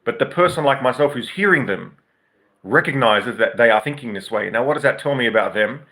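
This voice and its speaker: A man's voice: mid-range voice, lively intonation, fairly quick, sharp tone. A man hosting an unscripted, reflective monologue, explaining things in a rambling, professorial way with asides. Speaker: podcast host.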